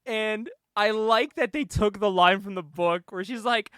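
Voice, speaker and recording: A young man co-hosting a casual show, excitedly retelling a movie plot, laughing often, swearing and acting out the lines. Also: high voice, a little slow, smooth, no echo. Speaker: podcast co-host.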